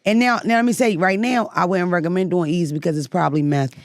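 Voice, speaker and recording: A woman in her forties, a podcast guest, telling loud, profane stories in casual chat. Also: lowish voice, fairly even intonation, fast, dry recording, studio quality. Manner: loud storytelling with swearing and laughs.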